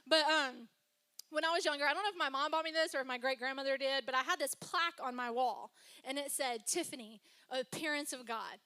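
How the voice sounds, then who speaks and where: High, bright-voiced chatty woman pastor. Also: brisk. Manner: chatty, personal storytelling with laughs and asides. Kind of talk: sermon. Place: church stage before a congregation.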